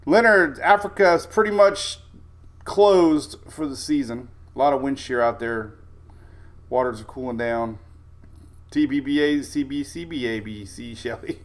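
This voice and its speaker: A man's voice: medium pitch, unhurried. Chatty man hosting a weather livestream. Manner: chatty, greets viewers by name, laughs often. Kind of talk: casual live-stream chat.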